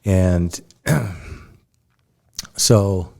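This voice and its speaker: A man co-hosting a podcast, speaking in a slow, deliberate way and thinking aloud in measured phrases. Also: sits low, little pitch movement, dark tone. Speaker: podcast co-host. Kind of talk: casual chat.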